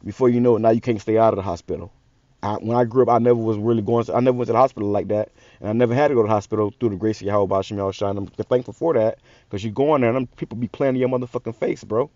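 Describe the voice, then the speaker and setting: A man's voice: on the low side, rapid-fire, mellow, no room sound, dull audio. A man hosting a religious channel, giving a heated, profane, repetitive rant-style sermon. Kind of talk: ranting street sermon.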